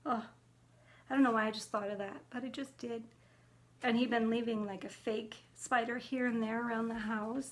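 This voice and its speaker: A middle-aged woman chatting casually about her cross-stitch haul, chatty and excitable. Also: on the high side, normal speed, slight background noise.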